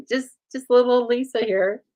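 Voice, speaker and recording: A woman hosting a casual craft demonstration, chatty and often laughing, with a calm, soothing voice and a dry deadpan humor, recorded on a phone. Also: fairly high pitch, low-quality recording. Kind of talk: casual chat during a craft demo.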